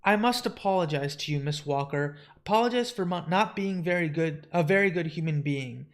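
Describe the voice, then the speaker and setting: A man doing a folksy, gentle spirit man. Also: a little high, fairly quick, lightly acted. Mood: apologetic. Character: kindly, folksy male place-spirit in human form.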